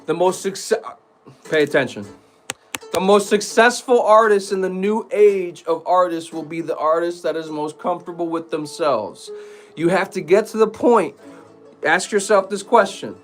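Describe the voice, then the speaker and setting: A man's voice: sits high, moderate pace, soft background music. A man giving an emphatic, preachy casual monologue to his viewers, rambling with restarts. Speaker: streamer talking to viewers.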